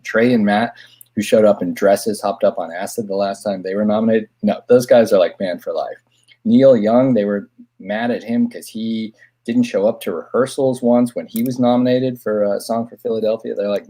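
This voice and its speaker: A man's voice: fairly low pitch, a little fast, breathy edge. A middle-aged man, a film director, telling a long anecdote in a casual podcast chat, acting out the people he quotes. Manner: animated anecdote teller, acts out quoted voices.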